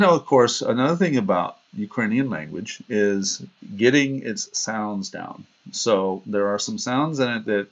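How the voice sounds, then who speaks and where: A man with a fairly low voice hosts a casual livestream, rambling from anecdote to anecdote. He laughs at himself and slips into quoted voices as he tells stories. The sound is dull and lo-fi, like compressed stream audio. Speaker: livestream host.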